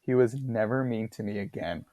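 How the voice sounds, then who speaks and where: A young man speaks candidly about his own experiences as an interview guest. His voice sits fairly low, and he often stops and repeats himself mid-thought. The sound is dry and close. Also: normal speed, dark tone, dry recording. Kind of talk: personal storytelling interview.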